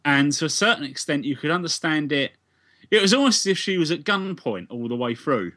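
A man's voice: on the high side, sing-song, a little fast, bright, forceful tone. A British man co-hosting a podcast, casually picking apart a plot and asking questions. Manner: analytical, questioning. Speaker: podcast co-host. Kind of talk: casual review chat.

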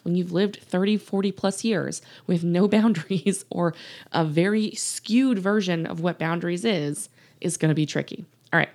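A woman with a lowish voice talks through her solo podcast as a coach. She sounds earnest and emphatic, circling back to her main points and laughing lightly as she goes. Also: gravelly, darkish tone. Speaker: podcast host and life coach.

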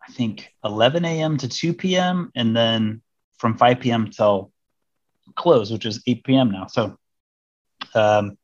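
A man's voice: mid-range voice, no room sound, highs cut off. A man from Missouri, a diplomat, chatting casually as an interview guest, rambling with many fillers and restarts. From Missouri, United States.

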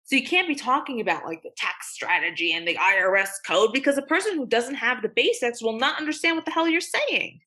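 A woman's voice: on the high side, lively intonation, a little fast, few pauses, bright, forceful tone, breathy edge. A young woman attorney speaking as a guest in a podcast interview, blunt and emphatic, swearing freely. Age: young adult.

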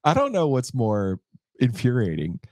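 A man's voice: medium pitch, wildly swooping pitch, normal speed, darkish tone, no echo, clean studio sound. A man hosting a sports podcast, talking conversationally and often repeating words.

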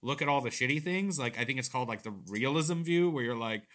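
Bright-voiced man telling rambling stories. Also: mid-range voice, fast. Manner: rambling, animated storytelling with swearing. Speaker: podcast co-host. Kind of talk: casual chat.

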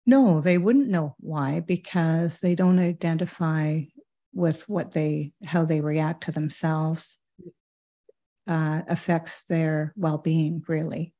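Woman host, low mellow voice, thoughtful, affirming. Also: fairly even intonation, takes it slowly. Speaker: podcast host. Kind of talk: interview conversation. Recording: dull lo-fi audio.

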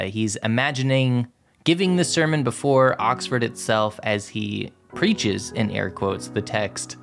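Podcast host guy, kinda gravelly, stops and restarts his questions. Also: mid-range voice. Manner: hesitant, halting questions. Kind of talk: casual discussion and episode introduction.

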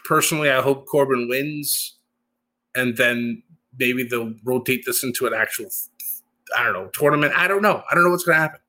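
A man giving a casual solo recap, chatty and animated, often laughing and using fillers. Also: medium pitch, normal speed. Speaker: show recap host.

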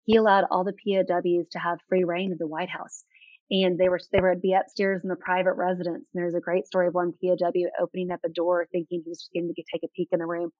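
A woman's voice: on the low side, level tone, fast talker, no echo. Enthusiastic woman telling stories. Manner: enthusiastic, anecdotal, many fillers. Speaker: author guest. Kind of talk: interview storytelling. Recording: dull lo-fi sound.

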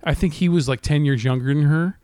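A man's voice: a little high, brisk, warm tone, no room sound, clean studio sound. A man on a casual podcast, telling a long story, swearing a lot and acting out the voices of the people in it. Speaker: podcast co-host.

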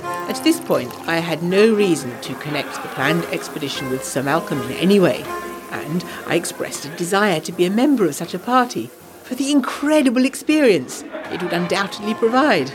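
A woman narrating a letter in an audio drama, eager and gossipy with quick asides. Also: fairly low pitch, big pitch swings. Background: jazz music.

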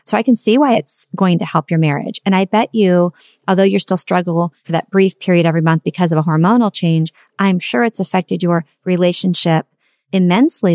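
Woman host, lower voice, emphatic and earnest, dry close recording. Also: darkish tone, no room sound. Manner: earnest, emphatic, repeats points. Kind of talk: casual conversation.

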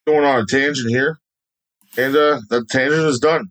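A man's voice: medium pitch, fairly even intonation, normal speed, fairly bright tone, low-quality recording. A man from Canada co-hosting a casual game review podcast, blunt and swearing freely. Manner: profane, joking, blunt. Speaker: podcast co-host.

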